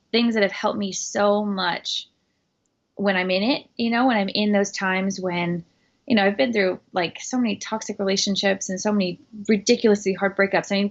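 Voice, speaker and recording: A woman speaks as a guest on a podcast, earnest and emphatic, peppering her talk with fillers and restarts. Her pitch sits in a middle range. The recording sounds a little dull and lo-fi. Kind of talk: casual interview talk.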